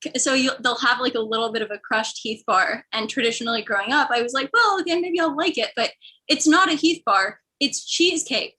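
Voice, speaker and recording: Woman comedian, young adult, from the Midwest, bright voice, rambling self-deprecating stand-up. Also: fairly high pitch, brisk, rough recording. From American Midwest.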